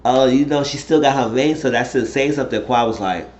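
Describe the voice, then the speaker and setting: A man's voice: medium pitch, quick pace, darkish tone. A man casually recapping a reality TV episode, rambling through the story in loose, slangy talk. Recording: roomy, dull lo-fi sound.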